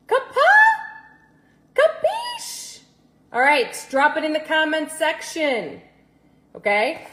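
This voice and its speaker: A middle-aged woman who works as a fitness coach makes an energetic, pushy sales pitch on a live stream. She repeats instructions and calls out viewers by name.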